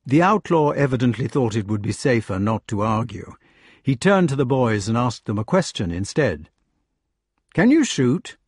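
Expressive, husky-voiced male storyteller. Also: mid-range voice, moderate pace, dry recording, studio quality. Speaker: narrator. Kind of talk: audiobook narration.

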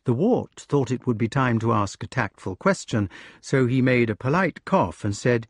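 A man narrating an audiobook with expressive storytelling. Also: medium pitch, moderate pace, no room sound, studio quality.

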